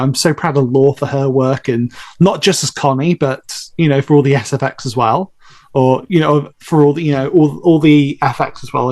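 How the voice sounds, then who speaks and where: A man's voice: fairly high pitch, a little mellow. A man who voices a lead role, chatting casually on a podcast in a rambling, candid way, swearing now and then. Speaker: voice actor in the audio drama.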